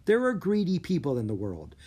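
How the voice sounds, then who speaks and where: A storybook narrator voicing a calm, clever young girl. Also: medium pitch, fairly quick, husky, pitched above the performer's own voice. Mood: earnest. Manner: urgent when warning.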